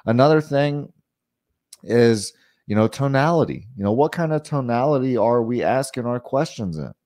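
A man's voice: mid-range voice, normal speed, no room sound, studio quality. A man giving a casual sales training talk, often asking "right?" and acting out questions to customers. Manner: conversational, frequent "you know" and "right?" asides; acts out pushy and calm sales questions.

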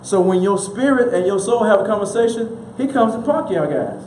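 A man preaching a sermon in a folksy, casual way, acting out quick little voices and laughing often. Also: sits high, lively intonation, darkish tone. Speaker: minister. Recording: echoey room with faint noise.

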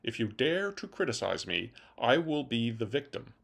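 A man's voice: mid-range voice, very animated, moderate pace, gravelly, a bit bright, breathy edge, heavily acted. A man playing a pompous, self-righteous partner. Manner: haughty, self-righteous, grandiose. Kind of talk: comic sketch acting.

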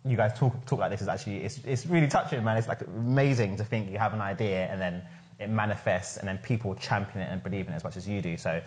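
A man's voice: lowish voice, quick pace, a little mellow. A man hosting a casual podcast discussion, talking enthusiastically in a chatty way with lots of "like". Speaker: podcast host and founder.

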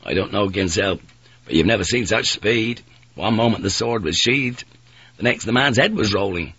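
A man voicing a steady ship's pilot who speaks in a kind, level, measured way. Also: lowish voice, husky, dry recording.

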